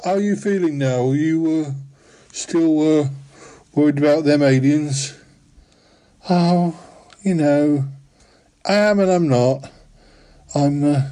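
A man hosting a comic radio-style monologue, speaking very slowly in a mellow, dark-toned voice. He frets and dithers, filling his lines with ums and soft chuckles, and his pitch sits a little on the high side. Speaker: comedy show host.

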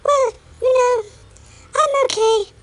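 Squeaky little creature, sad and slow, comedy podcast bit. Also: male voice. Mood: mournful. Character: tiny squeaky sorrowful creature.

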